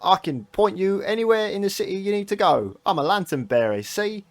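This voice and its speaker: A man's voice: high voice, expressive, a little fast, voice pushed up. A man voicing a small hooded street boy who works as a cheeky, chirpy lantern bearer. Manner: cheeky, chirpy, calls people mate.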